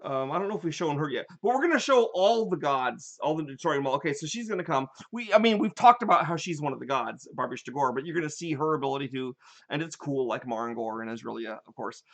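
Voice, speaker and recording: An older man with a fairly high voice chats casually on a live stream and drifts from topic to topic. He tells his gaming stories with lively energy and often breaks off to restart a sentence. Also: quick pace. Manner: animated storyteller, rambling with restarts. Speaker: game designer hosting a live chat.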